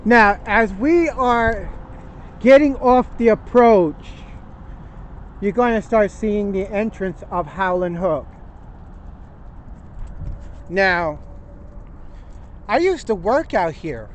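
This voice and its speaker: Older man with a very high voice, slow-talking. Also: expressive, poor audio. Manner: chatty, pointing out sights to viewers. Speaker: vlog host. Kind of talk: walking tour narration. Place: outdoors on a windy bridge by traffic. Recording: outdoor wind and traffic noise.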